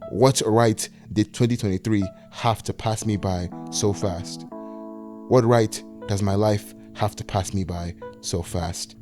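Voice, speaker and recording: Soft-spoken young man, low voice. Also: steady tone, a little slow, soft background music. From Nigeria. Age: 20s. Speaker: video essayist. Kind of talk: reflective personal essay narration.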